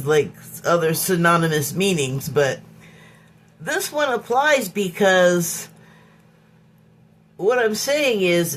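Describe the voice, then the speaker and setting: Slow, halting woman musing aloud. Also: lowish voice. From Hollywood, United States. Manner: halting and musing, pausing to search for words and restarting phrases. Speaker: podcast host. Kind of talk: unscripted reflective monologue.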